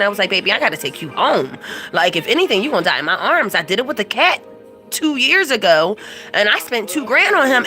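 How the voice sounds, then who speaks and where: Dramatic older lady vlogging from her living room, chatty, a bit high pitched, music going in the background. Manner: dramatic, chatty, acts out quotes. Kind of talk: casual storytelling to camera.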